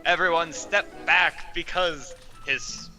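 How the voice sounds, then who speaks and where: A man putting on a loud carnival barker, drawing out his grand announcements of a fire act. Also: fairly high pitch, steady tone, slow, faint music behind, full character voice. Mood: grandiose.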